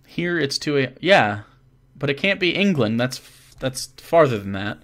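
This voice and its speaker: A man answering viewer questions as a dungeon master in a casual chat, rambling and animated, swearing freely and trailing off with fillers. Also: fairly high pitch, moderate pace. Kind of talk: casual livestream Q&A.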